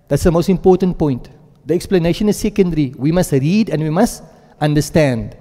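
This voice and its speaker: A male Quran teacher giving a classroom lesson, explaining step by step, checking in often with the class and reciting Arabic verb forms in quick runs. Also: a little high, mellow, in a large hall.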